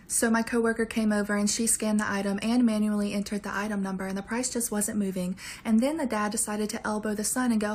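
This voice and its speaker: A woman cashier telling a work story in a wry, deadpan way. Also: medium pitch, fast talker, few pauses. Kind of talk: casual storytime.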